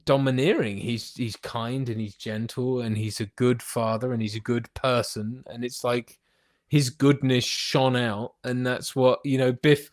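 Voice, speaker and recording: Male co-host, animated film chat, laughs a lot, mid-pitched. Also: measured pace, no room sound, clean studio sound. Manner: enthusiastic, laughs often, acts out movie lines. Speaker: podcast co-host. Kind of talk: casual film review chat.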